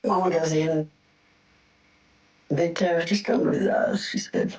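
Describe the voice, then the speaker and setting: A man, recounting a family crime in a plain-spoken, unhurried testimonial interview. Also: fairly high pitch, fairly even intonation, poor audio. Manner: plain-spoken, slow storytelling with grammar from his home region. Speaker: interviewee, sibling of the suspect. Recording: loud music bed underneath. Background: music.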